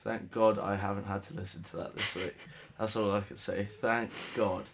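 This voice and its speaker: A man's voice: lowish voice, flat delivery, moderate pace, background noise. A young man from England co-hosting a casual podcast, laid-back and self-mocking, laughing often as he talks sport and music. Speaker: podcast co-host, sports correspondent. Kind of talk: casual chat.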